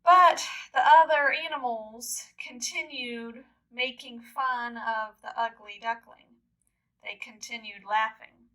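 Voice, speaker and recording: A woman teacher retelling a story for English learners, repeating key words and explaining them deliberately. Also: sits high, bright, forceful tone, rough recording.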